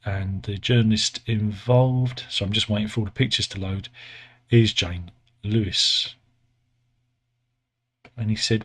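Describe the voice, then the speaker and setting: A British man giving a casual, sardonic satirical news monologue, rambling and often correcting himself, with many pauses and fillers. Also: mid-range voice, animated.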